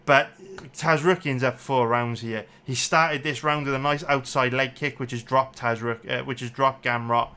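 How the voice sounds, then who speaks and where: His medium-pitched voice comes through clear and resonant, steady and sharp, at a moderate pace. He's an MMA betting analyst angrily breaking down a fight round by round, his swearing and repetition growing as he gets worked up.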